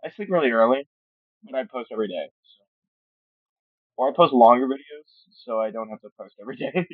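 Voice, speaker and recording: A man's voice: mid-range voice, animated, brisk, no echo. A man talks loosely and tiredly, tripping over words and dropping jokey side comments. His voice comes through thin and phone-like. The sound is dry, with no room around it. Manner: rambling, joking asides, admits stuttering. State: tired late at night. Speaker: channel host. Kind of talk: casual commentary on a fan game roster. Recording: tinny phone-like dry mic.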